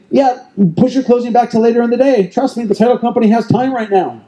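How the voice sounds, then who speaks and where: A man's voice: very high voice, fast talker, dark tone, poor audio. A middle-aged man, a real estate team leader, giving an emphatic motivational keynote on stage and coaching the audience directly with lots of repetition. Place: event stage before a live audience.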